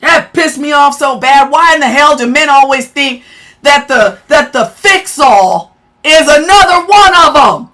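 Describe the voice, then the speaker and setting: A woman's voice: high-pitched, lively intonation, a little slow, pushed and bright. A woman hosting a live stream, talking bluntly and profanely in a casual rant, answering her chat.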